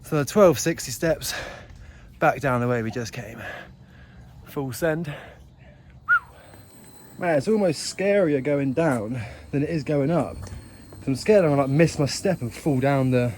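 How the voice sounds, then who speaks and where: A young man narrates his climb in an easygoing, self-deprecating way, panting between remarks. He speaks at a middling pitch. His handheld camera picks up his voice along with plain, steady outdoor noise. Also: a little slow. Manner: chatty, self-mocking, breathless asides. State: out of breath. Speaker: travel vlogger. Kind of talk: casual vlog narration while hiking. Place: outdoor hillside stairway. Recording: outdoor camera audio with clear background noise.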